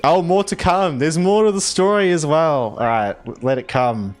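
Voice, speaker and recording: An Australian man casually chatting on a game livestream, reading viewer messages and verse aloud in an expressive, giggly way. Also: a little high, normal speed, soft background music. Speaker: game streamer.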